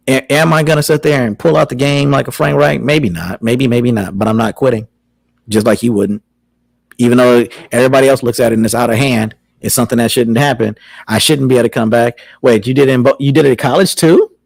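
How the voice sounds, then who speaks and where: A man with a gravelly, creaky voice hosts a casual talk show and rambles through his thoughts with plenty of filler words. The sound is dry and close, with no room around it. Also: mid-range voice, steady tone, brisk, no echo, low-quality recording. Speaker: podcast host.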